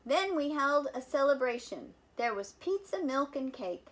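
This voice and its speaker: A woman volunteer reading a picture book aloud for children in an animated, playful way, with chatty asides about the pictures. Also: high voice, measured pace. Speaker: volunteer reader.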